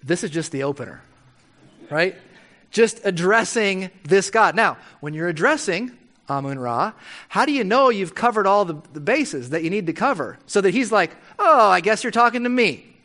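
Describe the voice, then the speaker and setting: A man with a high-sitting voice preaches a conversational sermon. He's animated and playfully wry, often tossing quick tag questions at his listeners.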